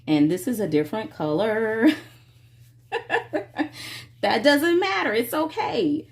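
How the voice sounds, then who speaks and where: A woman's voice: medium pitch, expressive, takes it slowly, pauses often. A woman hosting a casual coloring tutorial, chatting to her viewers while she works and stretching out her words.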